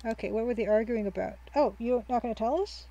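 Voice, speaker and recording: Mellow-voiced woman chatting through gameplay. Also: on the high side, quick pace, rough recording. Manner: chatty, reads game text aloud, laughs often. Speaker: let's play host. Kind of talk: casual gameplay commentary.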